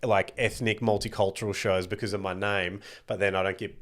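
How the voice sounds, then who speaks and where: A man's voice: on the low side, brisk. An Australian man, a comedian guest, telling stories in a casual podcast chat, swearing freely and putting on voices. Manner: animated storyteller, swears freely.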